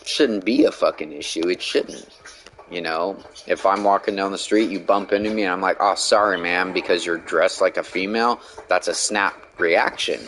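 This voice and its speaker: A man's voice: sits low, steady tone, moderate pace, fairly bright tone, slight background noise, poor audio. A man streaming a game, ranting bluntly in casual talk and swearing a lot. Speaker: gaming streamer. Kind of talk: casual rant while gaming.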